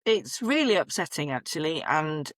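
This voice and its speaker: A woman, a podcast guest telling her own story candidly, lively and acting out what people said to her. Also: low-pitched, moderate pace, dry recording, clean studio sound. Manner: animated, acts out quoted voices, laughs at herself. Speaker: podcast guest, menstrual cycle coach.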